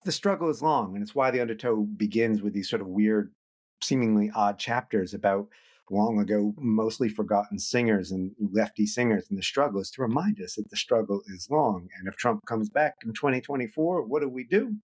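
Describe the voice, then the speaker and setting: A middle-aged man, an author and guest in a podcast interview, talking in an animated way. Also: on the low side, fairly quick. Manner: animated, acts out quoted voices.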